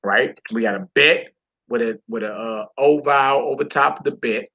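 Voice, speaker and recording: Gravelly man teaching a reading lesson. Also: mid-range voice, normal speed, pushed and bright, lo-fi sound. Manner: patient, repeats words, checks in often.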